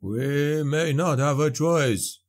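A man voicing a dour, gloomy soldier who speaks slowly and mournfully. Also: on the high side, voice pushed up. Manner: slow, mournful and doom-laden.

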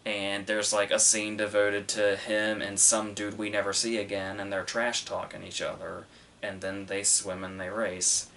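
A man's voice: on the low side, monotone, measured pace, gravelly, bright, forceful tone, slight background noise. A young man hosting a podcast, chatting casually about a movie with lots of fillers and little laughs. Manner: rambling, frequent fillers and laughs. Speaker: podcast host. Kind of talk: casual film review chat.

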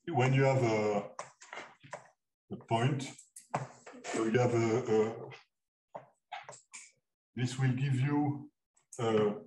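A man giving a math seminar lecture, halting with many fillers and restarts. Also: medium pitch, a little mellow. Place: lecture room. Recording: echoey lecture hall, mic far off, noisy.

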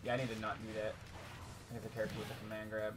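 A man's voice: fairly low pitch, completely flat delivery, rapid-fire, over music. A man casually commentating his own gameplay on a live stream, self-mocking and swearing when frustrated.

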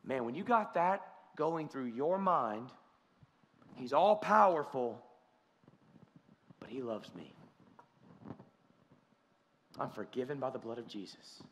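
Earnest preacher with a bright voice. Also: male voice, mid-range voice, very animated, slow pace, pauses often. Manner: earnest, conversational, with frequent restarts. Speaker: pastor. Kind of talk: sermon. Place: church sanctuary. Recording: church hall reverb.

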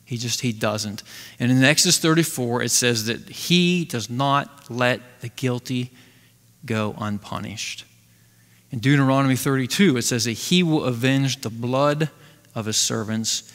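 A man teaching a casual Bible study, retelling scripture in a conversational, animated way. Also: mid-range voice, a little slow, long reverb tail. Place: church assembly hall.

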